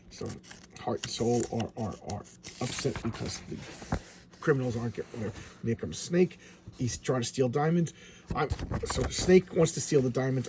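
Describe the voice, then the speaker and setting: A man with a hoarse voice reviewing comic books in casual, rambling commentary, stumbling over restarts. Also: mid-range voice, normal speed, pauses often, a little mellow, slight background noise.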